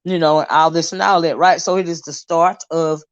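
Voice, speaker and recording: A woman's voice: low voice, steady tone, brisk, dull audio. A middle-aged woman hosting a casual livestream, greeting viewers one by one by name and rambling through friendly asides. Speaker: livestream host.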